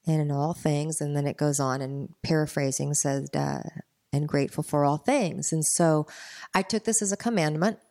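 A middle-aged woman with a low voice tells a personal story as an interview guest. She speaks earnestly and reflectively, pausing often and repeating words for weight. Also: darkish tone. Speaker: guest, gymnastics coach.

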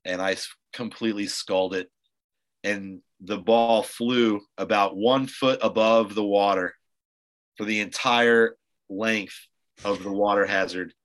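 A man with a lowish pitch and a bright, forceful voice, hosting a casual podcast. He rambles through his stories, packing them with "like" and "uh". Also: fairly even intonation, unhurried, poor audio. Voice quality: loose, rambling storyteller with many fillers. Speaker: podcast host. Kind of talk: casual chat.

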